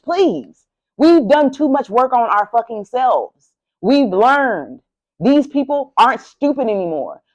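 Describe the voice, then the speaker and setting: Her voice is a little high with a darkish tone, and the audio is poor. Talking to camera through the camera mic, the tarot reader delivers a casual, sassy, profane reading straight at the viewer with plenty of animation.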